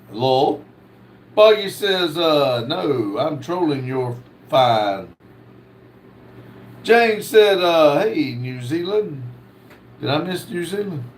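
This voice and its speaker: A man hosting a casual livestream, reading viewer comments aloud in a slow drawl. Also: on the high side, animated, slight background noise. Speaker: livestream host reading chat.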